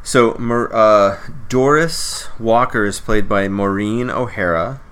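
A woman co-hosting a casual movie podcast, animated and laughing often. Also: rumbling low, slow, smooth. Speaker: podcast co-host.

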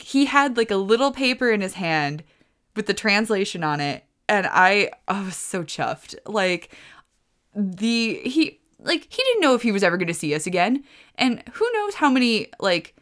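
A woman's voice: medium pitch, fairly bright tone. A woman hosting a podcast, telling a story in a casual, rambling and gushing way, full of fillers. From United States. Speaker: podcast host.

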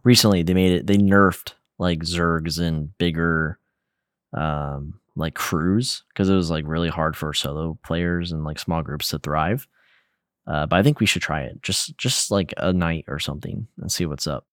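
Young male podcast co-host, very low voice, relaxed rambling delivery, dry room. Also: measured pace, no room sound. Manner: relaxed, rambling, lots of fillers and slang. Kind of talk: casual gaming podcast chat.

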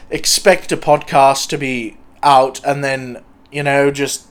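A man voicing a deferential, bland male podcast cohost who mumbles politely and repeats himself. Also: fairly high pitch. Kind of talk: improvised comedy character.

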